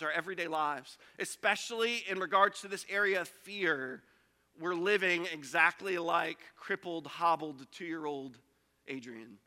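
A man's voice: high voice, bright, forceful tone. A man preaching a sermon as pastor, telling a personal story in a conversational way with acted quotes. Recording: long hall reverb.

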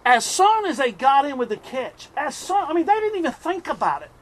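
High-voiced storytelling male preacher. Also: a little fast. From US East Coast. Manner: storytelling, animated, chuckles often. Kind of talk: sermon.

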